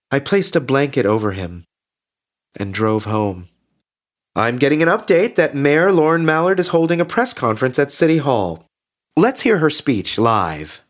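A chipper, lively radio host. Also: male voice, mid-range voice. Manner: bright, chatty delivery of grim news. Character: cheerfully devout male radio host, unsettlingly upbeat. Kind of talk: scripted radio drama narration. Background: faint guitar music.

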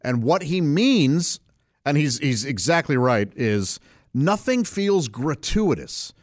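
A middle-aged man, a stand-up comedian, giving a casual interview answer in a laid-back, unhurried way and chuckling often. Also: on the high side, big pitch swings, dry recording, clean studio sound.

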